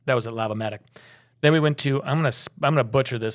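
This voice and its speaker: A man's voice: medium pitch, racing. A middle-aged man from Minnesota co-hosting a travel podcast, telling stories in a rambling casual chat. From Minnesota, USA. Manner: rambling, storytelling with restarts.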